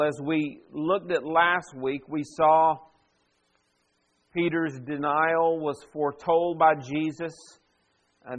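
A man preaching a sermon, reading scripture aloud and then teaching in an animated, conversational way. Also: a little high. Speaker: pastor. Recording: dull lo-fi sound.

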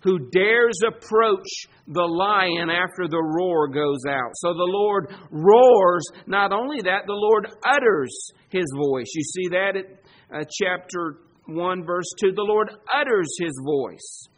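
A man preaching a sermon, emphatic, asking rhetorical questions and swinging between loud declarations and hushed asides. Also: high-pitched, expressive, takes it slowly.

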